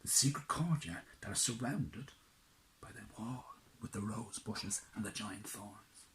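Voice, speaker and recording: An anxious, earnest young prince from a storybook, voiced by a man. His cries leap well above a low, steady natural voice, urgent and bright with worry. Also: measured pace, noisy background, natural voice. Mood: wondering. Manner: cries out in high alarm.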